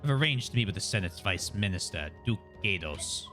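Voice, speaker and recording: A man voicing a scheming older noble who speaks slowly and gravely. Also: expressive, bright, forceful tone, faint music behind. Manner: slow, low, conspiratorial reading.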